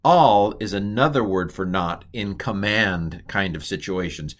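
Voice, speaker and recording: A man's voice: sits low, moderate pace, fairly bright tone. A middle-aged man teaching a recorded Hebrew lesson, rambling and correcting himself, quizzing the listener with questions.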